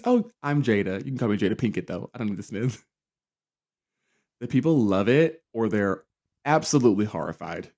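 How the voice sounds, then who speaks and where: A young man hosting a casual solo pop culture podcast, sassy and campy, dramatic, often jumping up into high mocking voices. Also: expressive, a little fast, dark tone, dull audio. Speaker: podcast host.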